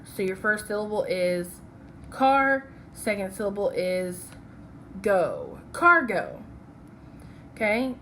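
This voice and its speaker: Slow, patient woman teaching phonics. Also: medium pitch, fairly bright tone, slight background noise. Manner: patient, checks in with "okay?" after each step. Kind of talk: phonics lesson with slides.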